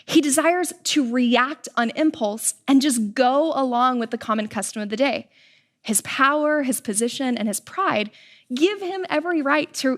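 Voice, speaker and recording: A young woman preaching a sermon, telling stories in a casual, animated way with everyday slang. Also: high voice.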